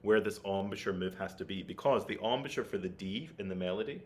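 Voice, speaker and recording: A man's voice: deep voice, fast, a little mellow. A man giving an online flute masterclass, explaining technique and checking in with his listeners as he goes. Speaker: flute teacher.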